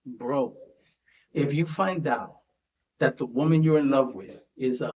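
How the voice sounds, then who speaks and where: A man's voice: medium pitch, a little slow, darkish tone, dull audio. Man talking in a roomy echo. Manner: conversational, tags statements with "right?". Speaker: commentary host. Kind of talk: casual commentary monologue.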